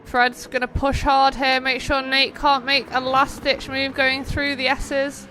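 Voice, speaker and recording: A high, bright young woman calls a sim race live. She chats playfully between updates and gets excitable when the racing turns close. A faint background hiss sits under the voice. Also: measured pace. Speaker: race host and commentator. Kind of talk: live-stream race commentary and chat.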